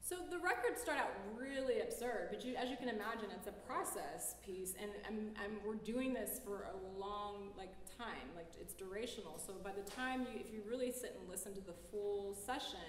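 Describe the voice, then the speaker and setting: A woman's voice: medium pitch, normal speed, hardly any pauses, slight background noise. A woman artist giving a casual public talk in a lecture hall, loose and chatty, peppering her speech with "like" and laughing easily.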